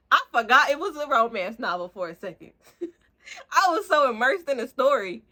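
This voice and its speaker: A young woman, rambling excitedly in a casual book review, full of fillers and slang. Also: fairly high pitch, brisk. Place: room at home, street outside.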